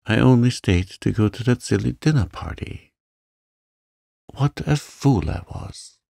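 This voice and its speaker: A man's voice: medium pitch, expressive, unhurried, gravelly, dark tone, no echo, studio quality, voice pushed up, exaggerated voice. A man voicing a young, frightened upper-class mother, breathless and pleading. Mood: frantic.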